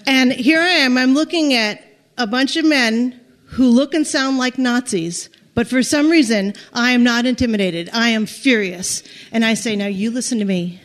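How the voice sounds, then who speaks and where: A middle-aged woman from the United States telling a personal story in a lively, dramatic way, acting out what she said back then. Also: a little high, normal speed. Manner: lively and dramatic, acts out her own quoted speech. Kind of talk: personal story told to listeners.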